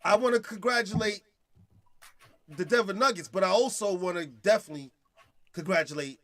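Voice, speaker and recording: A man's voice: high voice, a little fast, fairly bright tone. A man hosting a casual chat podcast, easygoing and agreeable, plugging the show to listeners. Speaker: host.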